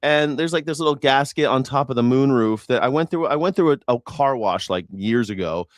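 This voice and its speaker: An independent news and culture commentator rambles through profane, jokey stories on a casual livestream, acting out what people said. His mid-range voice moves briskly. The studio sound is clean, with no room sound.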